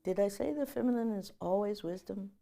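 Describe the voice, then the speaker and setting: A woman professor giving a public lecture, telling stories in a lively way and leading the audience in chanting. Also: medium pitch, brisk, gravelly.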